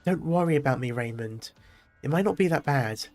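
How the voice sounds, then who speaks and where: A man's voice: medium pitch, animated, moderate pace, darkish tone, soft background music, lightly acted. A man reading aloud the lines of a grief-stricken young winged woman from a game, in a mostly plain, lightly acted voice. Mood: anguished.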